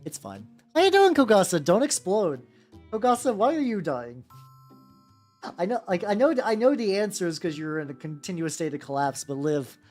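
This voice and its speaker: A woman's voice: fairly low pitch, sing-song, normal speed, a little mellow. A woman streaming while she paints miniatures, rambling casually, swearing freely and greeting her chat by name. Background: faint background music.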